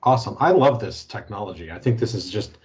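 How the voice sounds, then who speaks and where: A man moderating a corporate training webinar over a video call, easygoing and halting, with many fillers. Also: fairly low pitch, expressive. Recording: muffled video-call audio.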